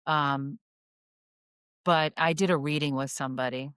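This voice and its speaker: Low-voiced woman, earnest and reflective. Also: fairly even intonation, unhurried, fairly bright tone, clean tone, no echo, studio quality. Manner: earnest, thoughtful, many ums. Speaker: podcast guest. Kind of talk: reflective spiritual conversation.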